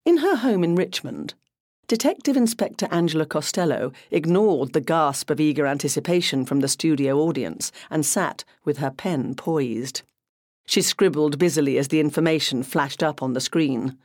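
A narrator reading a crime novel aloud in an even, measured way. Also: medium pitch, no room sound, studio quality. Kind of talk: scripted audiobook narration.

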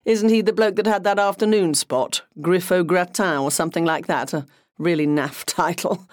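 Narrator doing laid-back husband, teasing, slangy, bit higher than the narration. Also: normal speed, no room sound, studio quality, lightly acted. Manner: teasing, casual British slang. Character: easygoing husband, teasing, plain-spoken.

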